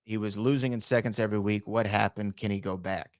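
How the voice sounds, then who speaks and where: A man co-hosting a podcast, telling stories in a lively way and reading out viewer comments. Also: on the low side, fast, dry recording, studio quality. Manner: lively storytelling, acts out phone calls. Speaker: podcast co-host.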